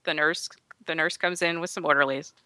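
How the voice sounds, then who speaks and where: Bright-voiced woman telling a story. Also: deep voice, fairly quick, no room sound. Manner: animated storytelling, acting out quotes. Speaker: podcast guest storyteller. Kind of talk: telling an anecdote.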